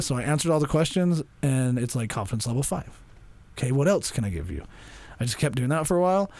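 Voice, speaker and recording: A young man co-hosting a podcast, chatting casually and acting out what people said in lively voices. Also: mid-range voice, quick pace, dry recording. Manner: animated storyteller, acts out quotes in voices. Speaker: podcast co-host.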